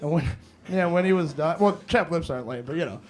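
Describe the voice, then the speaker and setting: A man's voice: on the high side, brisk. A young man telling profane stand-up stories on a comedy club stage and acting out the dialogue. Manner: loose, profane storytelling with acted-out dialogue. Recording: noisy live club recording.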